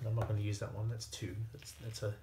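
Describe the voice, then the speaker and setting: A man's voice: lowish voice, flat delivery, quick pace, dark tone, reverberant, slight background noise. A man with an Australian accent chatting casually to himself and his viewers while working at a workbench, self-deprecating and easygoing. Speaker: hobbyist watchmaker.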